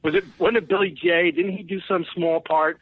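A man telling a rambling, excitable story as a comedian guest on a casual podcast, often laughing. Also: high-pitched, normal speed, slightly rough, no echo. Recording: tinny phone line.

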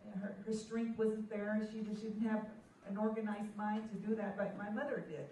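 A woman giving a heartfelt talk on family history to a gathering, halting often with fillers and restarts. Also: medium pitch, steady tone, mellow. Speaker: family member telling family history. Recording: echoey hall from far off, faint noise.

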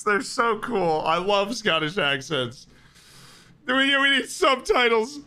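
Excitable high-voiced male streamer. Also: slow. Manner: excitable, laughing banter. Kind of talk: casual live-stream chat.

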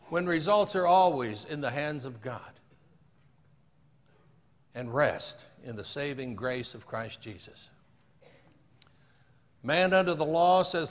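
Brief: earnest male preacher, slightly high voice, lecture hall with a long echo. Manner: earnest, dropping to a hushed low voice on scripture quotes. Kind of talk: sermon.

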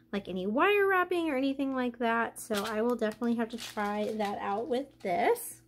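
A young woman chatting casually as she unboxes a craft package, gushing and excited, gasping often. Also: fairly high pitch. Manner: gushing, excited, many gasps and "oh my gosh". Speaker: craft vlogger.

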